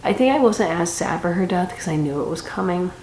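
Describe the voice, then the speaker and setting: A woman's voice: fairly low pitch, expressive, a little fast, darkish tone. A young woman giving a casual, chatty book review with dramatic reactions and rambling asides. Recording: echoey room with faint noise.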